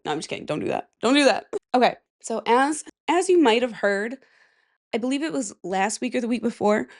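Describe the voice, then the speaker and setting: A young woman from Michigan hosting a casual solo podcast, nasal and stuffy from a cold, rambling and giggling at herself at her desk mic. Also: medium pitch. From Michigan, USA. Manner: rambling, giggly, self-mocking. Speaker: podcast host. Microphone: desk microphone.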